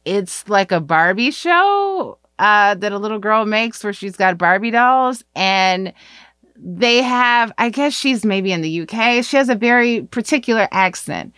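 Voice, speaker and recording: A woman co-hosting a casual parenting podcast, talking with wry, deadpan humor. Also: medium pitch, a little slow, no echo, clean studio sound. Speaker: podcast co-host.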